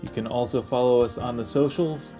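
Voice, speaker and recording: A man co-hosting a podcast in casual chat, joking and animated. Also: mid-range voice, brisk, over music. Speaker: podcast co-host.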